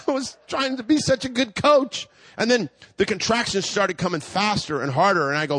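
A man in his forties preaching a sermon, telling a funny personal story with lively, high-pitched quoted voices. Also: fast.

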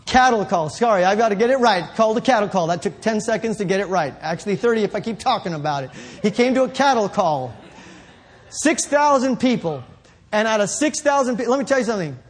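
High-voiced husky man preaching. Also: lively intonation, a little fast. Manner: rambling, self-correcting, building to shouts. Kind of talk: sermon storytelling.

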